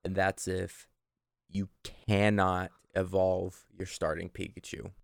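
Gravelly young man in casual chat. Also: low-pitched, slow, dry recording, studio quality. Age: young adult. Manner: rambling, animated storyteller who swears freely.

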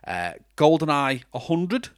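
A man's voice: fairly high pitch, big pitch swings, a little slow, clean tone, no echo. Guy cohosting a podcast, chatty, jokes at himself, dead dry mic. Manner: chatty, self-mocking, many restarts. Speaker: podcast co-host. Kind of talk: casual chat.

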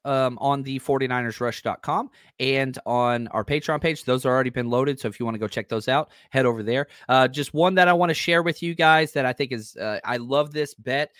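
A man hosting a sports podcast, talking casually and excitedly about football matchups, with a dry, close sound. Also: medium pitch, dry recording. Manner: excitable, hype-driven. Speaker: podcast host.

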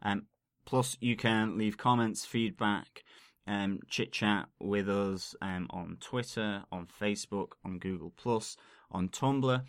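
A man's voice: on the low side, fairly even intonation, takes it slowly, clean tone, no room sound, studio quality. A man co-hosting a podcast, talking casually with lots of ums and easy laughs. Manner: chatty, full of ums, laughs easily. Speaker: podcast co-host. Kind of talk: casual podcast intro chat.

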